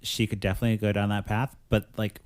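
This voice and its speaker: A man's voice: lowish voice, flat delivery, darkish tone. Chatty male podcast host. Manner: chatty, laughs often, quick asides. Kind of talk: casual chat.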